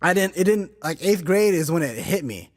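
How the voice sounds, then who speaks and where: 30s guy hosting a podcast, kinda high voice, swears a lot and says like constantly, super lively. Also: moderate pace, in a large hall. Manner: animated and profane, heavy filler words, laughing through stories. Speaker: podcast host. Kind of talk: casual storytelling chat.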